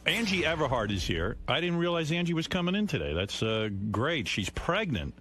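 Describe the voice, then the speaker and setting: Man, radio host, blunt, teasing, lively pitch swings. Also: a little fast, a little hiss or hum. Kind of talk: radio talk show banter.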